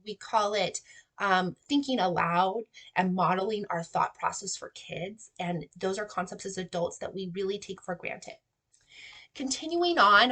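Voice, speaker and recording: A woman in her forties, a kindergarten teacher, giving parents practical reading tips in an animated, modeling way. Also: mid-range voice. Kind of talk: instructional talk to parents.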